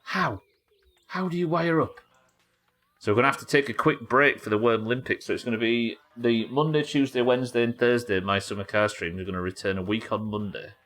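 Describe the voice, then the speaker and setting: A man's voice: lowish voice, fast, few pauses, a bit bright. A man hosting a live gaming stream, chatting casually and swearing freely as he jokes with his chat. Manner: chatty and profane, joking with chat. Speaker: gaming livestream host.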